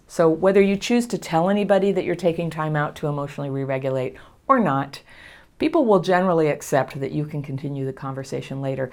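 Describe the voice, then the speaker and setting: A middle-aged woman calmly and reassuringly teaching about healing from trauma, laughing softly now and then. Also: low voice, fast. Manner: gentle, reassuring, laughs often. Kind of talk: casual spoken lesson to camera.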